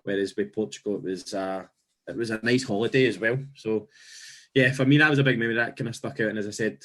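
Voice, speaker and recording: A man on a casual podcast, reminiscing in a steady, reflective way with frequent restarts. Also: on the low side, fast talker. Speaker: podcast co-host.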